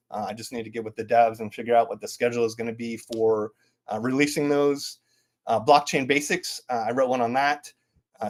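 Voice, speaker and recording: A man in his thirties casually presenting game updates at a community town hall, rambling with lots of fillers and restarts. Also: medium pitch.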